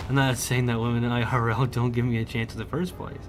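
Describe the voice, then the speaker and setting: A young man livestreaming a game, bantering loudly and profanely with his chat and joking around. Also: mid-range voice, flat delivery, fast talker, over music. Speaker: streamer. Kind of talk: casual livestream chat while gaming.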